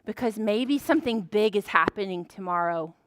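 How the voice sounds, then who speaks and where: A woman librarian leading a preschool story time, animated and sing-song, gasping in surprise as she talks to small children. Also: mid-range voice, normal speed, clean tone, dry recording, studio quality.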